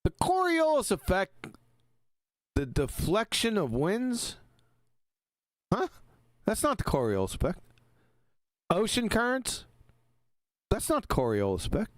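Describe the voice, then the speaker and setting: A sarcastic man co-hosts a casual live stream, mocking and ranting. His pitch leaps up and down as he goes. The sound is dry and close. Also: huge pitch swings, unhurried, pauses often, no room sound. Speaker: co-host.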